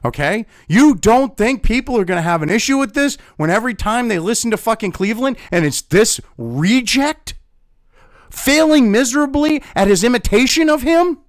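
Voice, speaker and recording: A man's voice: extremely high pitch, expressive, normal speed, dry recording, studio quality. A man ranting angrily in a profane commentary video, talking as host.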